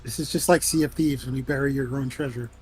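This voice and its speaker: A man playing a tabletop game, talking in a laid-back, low-key way. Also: steady tone, fast talker. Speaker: player. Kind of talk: casual tabletop play.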